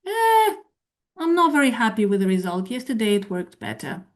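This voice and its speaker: A woman giving a conference talk with a live software demo, explaining her points while thinking aloud and correcting herself as she goes. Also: on the high side, sing-song, normal speed. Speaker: presenter on medical English teaching.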